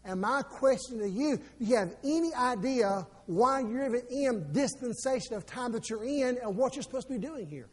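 A male pastor preaching a sermon, with sudden loud swells and quick asides. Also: very high voice, animated, breathy edge.

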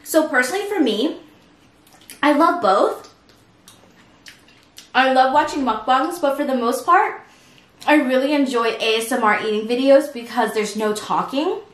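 A woman's voice: high-pitched, lively intonation, unhurried, pauses often, distant mic. A woman hosting a mukbang, chatting casually at home between bites and laughing often. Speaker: mukbang host. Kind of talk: casual chat while eating. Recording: roomy echo from off-mic.

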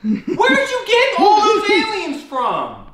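A man yelling in exasperation at his girlfriend during a vlog, breaking into angry laughs, filmed on a handheld camera. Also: extremely high pitch, huge pitch swings, takes it slowly, a crowd in the background. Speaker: vlog host. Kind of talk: heated prank vlog argument. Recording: echoey room.

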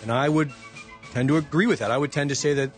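A man's voice: on the high side, fast talker, soft background music. A man speaking as a talk show guest, reflective and hesitant, with many ums and uhs. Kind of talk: casual political talk.

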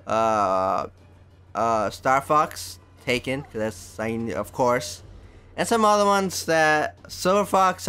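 A man's voice: medium pitch, fairly bright tone, clear, resonant tone. A man casually talking over his gameplay footage. He rambles loosely and fills his speech with "like" and "basically". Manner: rambling, full of fillers like "basically" and "like". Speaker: gameplay video host.

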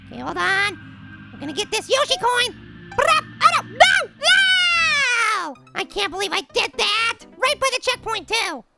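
Tiny cocky cartoon apple, super high squeaky voice w/ a rough crackle, brash slangy trash talk. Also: male voice, sing-song, normal speed, pushed and bright, heavily acted. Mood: playful. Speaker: game-playing cartoon character. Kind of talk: let's-play commentary in character. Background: game music.

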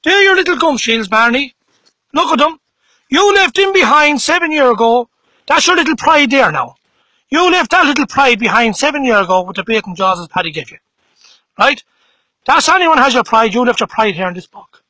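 A man's voice: extremely high pitch, sing-song, moderate pace, sharp tone, no echo, poor audio. A man outdoors in a bog records a mocking, repetitive challenge video. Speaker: bare-knuckle fight challenger.

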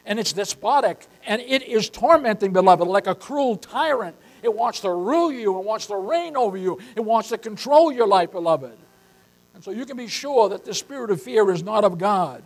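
A man's voice: high voice, animated, moderate pace, low-quality recording. An older man preaching a sermon as pastor, emphatic and repeatedly calling his listeners beloved.

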